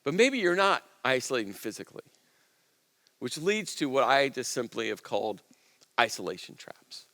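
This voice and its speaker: A man preaching a sermon in an earnest, conversational way, dropping to soft low asides and rising for emphasis. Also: very animated, moderate pace, long reverb tail. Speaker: pastor.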